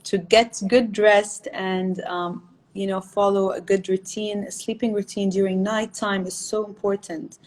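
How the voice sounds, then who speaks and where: A woman's voice: medium pitch, level tone, a little slow, darkish tone, poor audio. A woman fitness trainer answering interview questions, laughing often and using many fillers.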